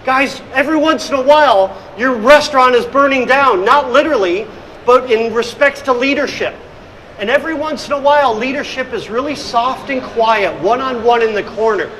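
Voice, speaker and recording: In a conference room, a middle-aged hospitality consultant and speaker gives a talk on leading in hospitality, acting out scenes as he tells lively stories. His pitch is extremely high, his tone fairly bright, and his speed normal. Slight background noise sits under a rough recording.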